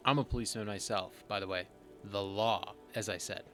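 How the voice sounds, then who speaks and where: Hosting a let's play, a man jokes sardonically, swears casually, and reads his character's lines aloud. His voice is on the low side, fairly even in intonation, a little fast, and bright and forceful, with faint music in the background.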